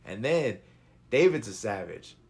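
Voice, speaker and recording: A man's voice: on the low side, very animated, measured pace, gravelly, a little mellow. A man retelling a Bible story in a laid-back, slangy, casual way with lots of fillers.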